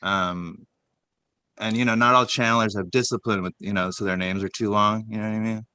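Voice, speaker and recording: Comedy co-host, male, lower voice with bright, crisp tone, dry close mic, deadpan rambler. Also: a little fast, no echo. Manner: rambling, deadpan list reading with many fillers. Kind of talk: casual comedic chat.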